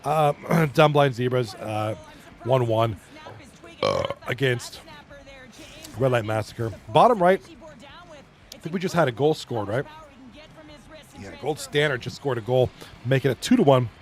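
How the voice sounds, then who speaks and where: A man casually commenting on an online hockey league stream, reading chat aloud, chatty and loose with frequent swearing and throat clearing. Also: mid-range voice, unhurried, long pauses.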